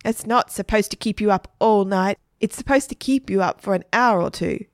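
A woman voicing a grumpy, complaining dad, pitched high above her reading voice. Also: moderate pace, dry recording, studio quality, lightly acted. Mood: angry. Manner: indignant, complaining.

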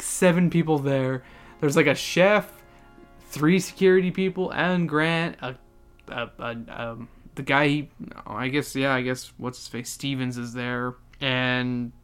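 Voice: medium pitch, clear, resonant tone. A podcast host giving a rambling, profane, joking book recap.

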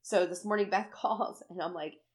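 A woman with a fairly low voice chats casually at normal speed, animatedly recounting a story. She performs the things she said and curses without holding back.

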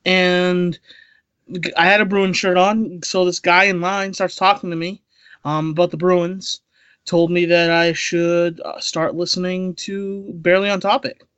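A man's voice: sits high, little pitch movement, unhurried, a bit bright, clear, resonant tone, no room sound, dull audio. A man who is a podcast regular, telling a casual anecdote with a self-deprecating edge.

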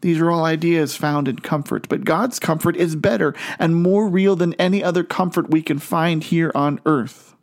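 A man preaching a sermon in an earnest way, slowing down and lifting his voice on key phrases. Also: a little high. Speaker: pastor.

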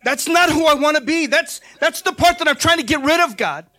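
Male preacher, very high, forceful voice, emphatic informal sermon with repeated call-outs. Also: fairly quick.

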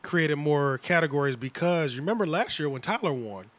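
A man with a slightly higher voice hosts a relaxed podcast conversation. He talks in slangy, lively bursts and acts out quotes from others. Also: brisk. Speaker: podcast host. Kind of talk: casual chat.

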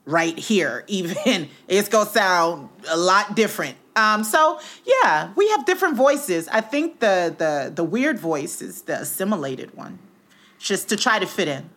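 A woman's voice: mid-range voice, animated, unhurried, a bit bright. A woman guest in a casual roundtable chat, speaking in an affirming, conversational way. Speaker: storyteller guest.

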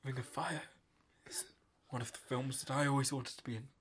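A man's voice: medium pitch, steady tone, a little fast, fairly bright tone, slightly rough. A man playing a boastful but flustered actor in improvised comedy banter, stammering and prone to sudden outbursts. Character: boastful, flustered male actor, claims two Oscars.

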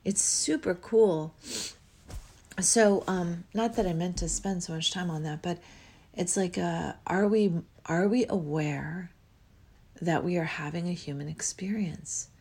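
A woman's voice: fairly low pitch, a little slow, slightly rough. A middle-aged woman hosting a spiritual podcast, musing dreamily and yawning as she talks. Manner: dreamy, musing, with frequent yawns and soft trailing words. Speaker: podcast host.

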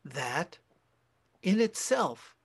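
A man gives a dharma talk as a Zen teacher, taking his time and pausing to correct himself. His voice sits a bit high and sounds soft and husky. He speaks very slowly and deliberately. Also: very animated. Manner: slow, reflective, with pauses and self-corrections.

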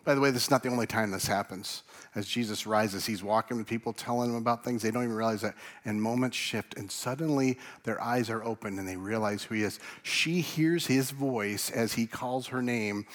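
A man preaching a sermon, animated, swinging from loud emphasis to hushed tones. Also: mid-range voice, brisk, few pauses. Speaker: pastor. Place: church.

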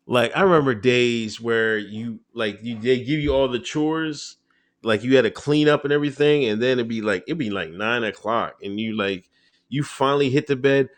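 As an interview guest, a man talks in a relaxed, rambling way, full of fillers and quick laughs. His mid-range voice moves at normal speed, and there's no echo.

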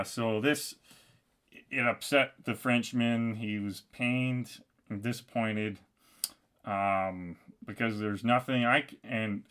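A man hosting his own podcast, telling a comedic story in a deadpan, halting way with lots of restarts. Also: mid-range voice. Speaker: podcast host.

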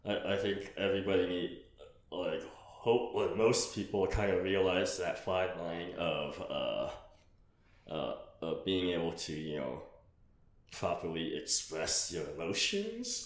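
A man co-hosts a casual podcast in a low voice that swings widely in pitch. He rambles agreeably and often restarts his sentences. The room around him echoes. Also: lively intonation, a little slow. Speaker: podcast co-host. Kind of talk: casual chat.

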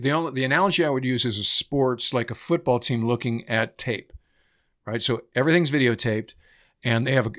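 A man in his fifties, an editor and former naval aviator, telling flying stories in a relaxed, anecdotal way with casual swearing and plenty of fillers. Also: medium pitch. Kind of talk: casual storytelling chat.

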